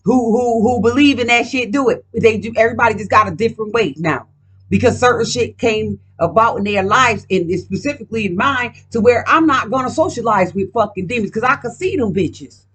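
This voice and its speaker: A woman's voice: on the high side, fairly quick, a bit bright, breathy edge. A woman doing a casual card reading at home, talking in a profane, emphatic, rambling way. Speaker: card reader.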